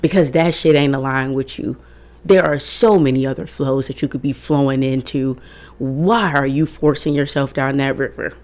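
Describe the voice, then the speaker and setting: A young woman in her twenties with a notably low, deep voice speaks straight to her viewers. She talks in a candid, emphatic way, swearing freely as she gives casual self-help advice. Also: fairly even intonation, normal speed, darkish tone. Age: 20s. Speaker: vlogger.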